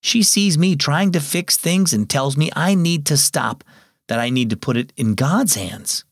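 A weary but kind father who speaks gently and reassuringly, as a man voices him in a story reading. His tone rises and falls with expression, and the sound is close and dry. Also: a little high, animated, a little slow, breathy edge, no echo, full character voice. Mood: gentle. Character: kind, tired, faithful father.

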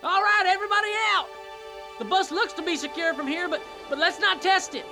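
An actor playing a folksy, rugged mountain guide who talks in a homespun drawl. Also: male voice, very high voice, fairly quick, music in the background. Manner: folksy drawl, says "reckon".

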